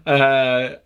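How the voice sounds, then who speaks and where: A man's voice: mid-range voice, fairly bright tone, clear, resonant tone. A young man co-hosting a podcast in casual chat, joking and laughing often. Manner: jokey, laughs often, quick asides. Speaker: podcast co-host.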